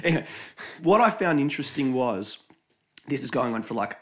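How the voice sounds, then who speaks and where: A man's voice: mid-range voice, big pitch swings, a little fast, fairly bright tone. A young Australian man telling a story in casual chat, swearing freely and laughing often.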